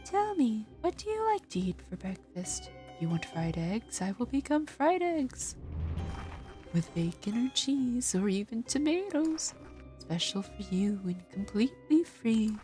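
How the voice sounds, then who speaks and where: A woman voicing a pushy, boastful talking food plant in a game, reading its lines in a high, sing-song, salesy voice. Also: very animated, measured pace, dark tone, soft background music. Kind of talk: reading game dialogue aloud.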